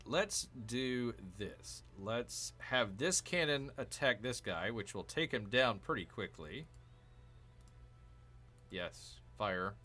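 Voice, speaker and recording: Gaming host, male. Bright voice, unhurried, musing aloud over each move of a strategy game. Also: medium pitch. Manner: chatty, talks to himself, cheers and groans at the game. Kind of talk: casual strategy game commentary.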